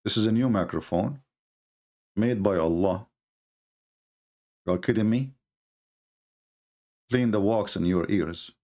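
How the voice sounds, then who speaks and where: The man running this livestream uses a warm, fairly low voice at a moderate pace. He talks scornfully, mocking religious debate, and his English grammar is non-native.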